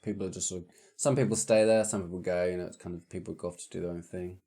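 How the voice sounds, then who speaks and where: A man's voice: low-pitched, fairly even intonation, very fast, mellow. A man as game master, guiding players with easygoing, brief prompts. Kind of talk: narrating a tabletop game.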